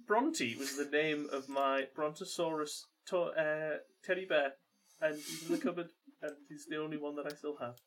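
Slightly tipsy bloke, crude self-mocking jokes, fairly high voice for a guy. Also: fairly even intonation, normal speed, a bit bright. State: tipsy from gin. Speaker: podcast co-host. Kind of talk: casual comedy chat.

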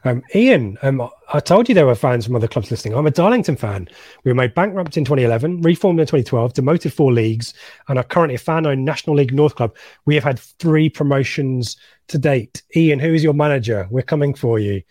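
A podcast host leads a casual football chat show, joking around and reading out listener comments in a chatty way. His mid-range voice is darkish, lively in intonation and a little fast, with a clean, dry studio sound.

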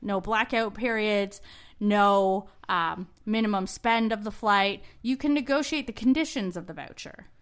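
A woman's voice: mid-range voice, measured pace, clean tone. A woman co-host in casual chat, telling travel stories and tips in a chatty way. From not from Australia, living there three years. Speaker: podcast co-host.

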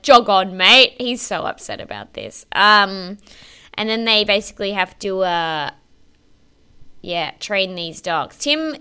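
A woman's voice: mid-range voice, bright, forceful tone, smooth. A woman co-hosting a podcast, chatting casually about a TV show, laughing often and swearing freely. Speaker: podcast co-host. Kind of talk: casual chat recapping a TV show.

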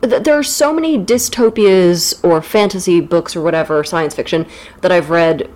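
A woman from the United States co-hosting a podcast, discussing a book casually and teasing with quick jokes. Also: lowish voice, a little mellow. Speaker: podcast co-host.

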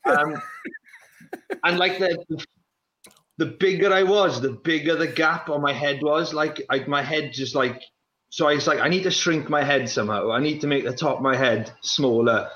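A guest on a podcast, a former pro runner from the Welsh valleys, spins long, rambling comic stories in casual chat, with a South Wales Valleys accent. His fairly bright voice sits on the high side at normal speed, carrying a little hiss or hum. The room sounds echoey and dull.

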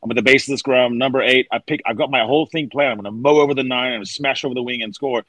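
A man's voice: medium pitch, very fast, a bit bright, no room sound. A man, co-hosting a rugby podcast in an emphatic, storytelling way of casual chat. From South Africa. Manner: emphatic, storytelling, acts out quotes. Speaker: rugby analyst, podcast co-host.

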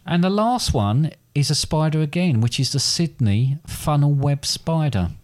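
A man's voice: a little high, expressive, a little slow, darkish tone. A man chatting casually as a podcast co-host, rambling and self-deprecating, with hesitant restarts. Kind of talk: casual chat.

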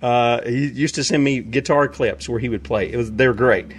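A man hosting a radio show, talking through his announcements in a loose, rambling way. His voice sits at a middle pitch, and he laughs easily. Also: normal speed, a little hiss or hum.

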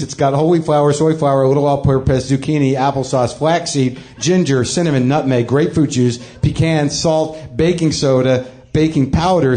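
A man's voice: mid-range voice, mellow, a little hiss or hum. A middle-aged man hosting a live comedy show, rambling and self-deprecating with plenty of swearing. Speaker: comedian host. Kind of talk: live stand-up monologue. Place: comedy club stage.

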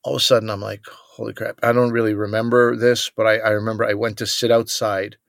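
A man's voice: lowish voice, level tone, quick pace, dry recording, studio quality. A man co-hosting a podcast, telling a comic story in a casual chat and acting out other people's lines. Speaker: podcast co-host.

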